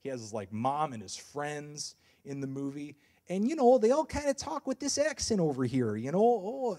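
A man's voice: mid-range voice, darkish tone. A young man giving a casual university talk as a music reviewer, rambling and self-deprecating, with lots of fillers and restarts. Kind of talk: casual lecture.

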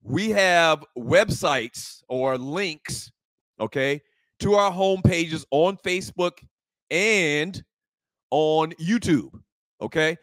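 Male talk-show co-host, relaxed and jokey, a bit high-voiced, close dry mic. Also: drawn-out words, dry recording. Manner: laid-back, joking, reads promos and chat messages. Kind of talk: casual sports talk show banter. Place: bar.

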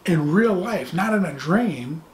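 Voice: medium pitch, lively intonation, unhurried. A middle-aged movie reviewer talking casually and animatedly, with sarcastic asides and phrases repeated for effect.

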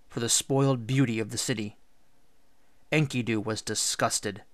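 A teacher reading a storybook aloud in a measured, expressive way. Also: male voice, mid-range voice, no echo, clean studio sound. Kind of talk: read-aloud storybook narration.

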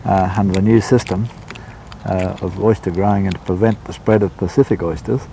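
Deep-voiced, confident oyster grower. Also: male voice, fairly even intonation, a little fast, dark tone, slight background noise. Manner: confident, matter-of-fact, proud boasting. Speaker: oyster grower and seafood restaurant owner. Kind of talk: interview answers.

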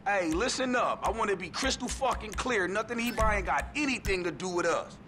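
A man's voice: high voice, lively intonation, brisk, sharp tone, slight background noise. An actor playing a boastful male gang veteran just out of prison, preachy and bossy, in a video game. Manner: preachy, bossy, demands respect.

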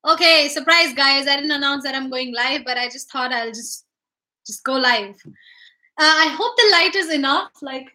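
A woman's voice: high-pitched, pushed and bright. A young woman hosting a casual livestream from a hotel room, chatting upbeat with viewers and greeting them by name. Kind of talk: casual livestream chat reading viewer comments.

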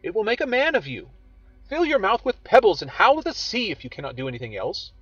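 A man voicing a frank, teasing young woman who questions briskly and speaks in a bright, bossy way. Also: high voice, very animated, breathy edge, dry recording, pitched above the performer's own voice, heavily acted. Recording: dull audio with faint music.

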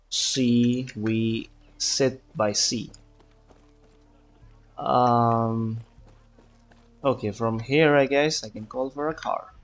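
A man's voice: medium pitch, fairly bright tone. A man giving casual gameplay commentary, chatty and muttering to himself, swearing often, and putting on an accent for fun. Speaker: gaming video creator.

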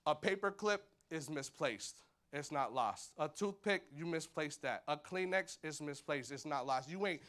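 A man in his thirties preaching in a church, talking casually with slang and acting out the voices of people in his stories. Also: a little high. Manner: animated, acts out voices, colloquial slang. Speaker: pastor. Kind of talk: sermon. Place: church hall.

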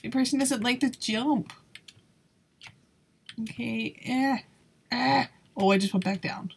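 A woman giving casual commentary while playing a video game, talking slowly in a slightly high, breathy voice. She sounds nervous and exclaims often, with frequent laughs between her remarks.

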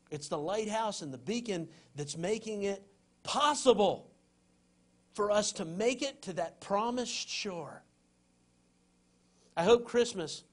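A male pastor delivering a heartfelt sermon in a voice pitched a little above most men. He moves between rousing, pushing lines and soft, hushed passages. His phrasing stays folksy and conversational. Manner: impassioned preaching, swinging between loud urging and hushed tenderness.

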